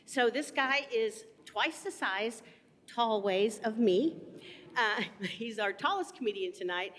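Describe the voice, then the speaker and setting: A woman's voice: on the high side, lively intonation, slow, fairly bright tone. A woman emceeing a comedy show, introducing the next comedian in a casual, giggly way. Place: historic theater stage with live audience. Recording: theater hall reverb with faint room noise.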